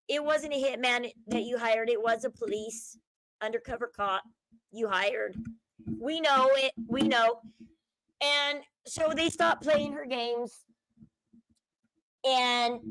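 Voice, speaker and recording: A woman's voice: high voice, a bit bright, no room sound, poor audio. A young adult woman hosting her own channel, casually retelling a crime story and acting out the quotes. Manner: chatty storyteller, acts out quotes, euphemisms like schmurdered. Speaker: commentary channel host.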